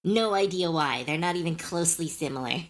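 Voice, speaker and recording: A woman's voice: lowish voice, fairly quick. A young adult woman streamer chatting casually on a live stream, chatty and self-deprecating, laughing often.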